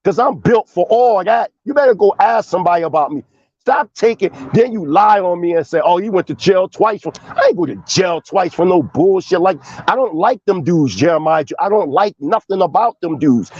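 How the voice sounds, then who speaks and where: Fired-up high-voiced man arguing hard. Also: animated, moderate pace, darkish tone, dull audio. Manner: confrontational, emphatic, swearing. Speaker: debater. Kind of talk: heated online debate.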